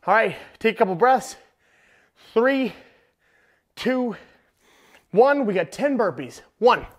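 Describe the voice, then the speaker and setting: A man's voice: high-pitched, animated, slow pace, pauses often. A man working as a fitness trainer, counting reps aloud and giving upbeat, encouraging cues while he exercises along. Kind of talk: workout coaching.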